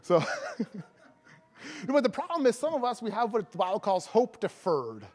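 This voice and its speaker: A man evangelist preaching a sermon, joking and laughing between lines and breaking into loud proclamations of scripture. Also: high-pitched, big pitch swings, measured pace, husky. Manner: jokey, laughing often, bursts of loud proclaiming.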